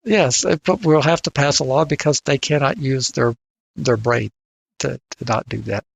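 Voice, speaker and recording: A man's voice: medium pitch, normal speed, creaky, slightly rough, no echo. An older man co-hosting a casual podcast discussion, often repeating words as he starts his sentences. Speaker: podcast co-host.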